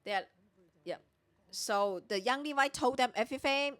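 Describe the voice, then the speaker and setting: A woman's voice: high voice, normal speed, long pauses, fairly bright tone. A woman preaching at a morning prayer meeting, explaining a Bible passage verse by verse and acting out the characters' lines. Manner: retells scripture with voiced dialogue. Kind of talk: Bible teaching sermon.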